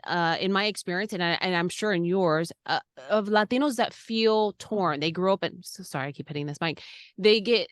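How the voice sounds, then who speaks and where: Woman host on a video call, smooth clear voice, dry close sound, wrapping things up. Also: medium pitch, a bit bright, no echo. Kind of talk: hosting an online mentoring interview.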